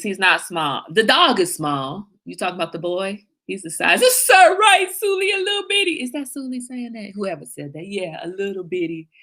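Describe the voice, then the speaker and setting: A middle-aged woman hosting a livestream, chatting casually and emphatically with viewers and telling animated stories. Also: sits low. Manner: animated storyteller, emphatic, reads viewer comments. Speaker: livestream host.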